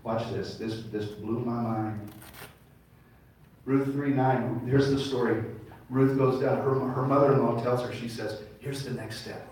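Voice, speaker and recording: A man's voice: mid-range voice, steady tone, a little slow, a little mellow. A man preaching to a congregation, tossing questions out to the room and leading them in responses. His voice comes from some distance off the mic and rings through a very echoey hall. A faint room hum stays underneath. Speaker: pastor. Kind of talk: sermon. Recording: echoey room mic'd from afar.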